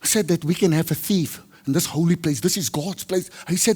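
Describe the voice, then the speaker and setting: A South African man preaching a sermon, telling a personal story and acting out the dialogue with lively, loud character voices. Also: on the high side, a little fast, few pauses, slightly rough. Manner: switches between Afrikaans and English, acts out dialogue loudly. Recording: long hall reverb.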